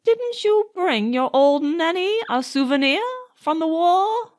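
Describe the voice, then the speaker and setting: A woman reading an audiobook voices a doting, scolding old nanny, high and wailing. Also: sing-song, exaggerated voice. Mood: fond scolding. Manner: high, slow, wailing and coaxing.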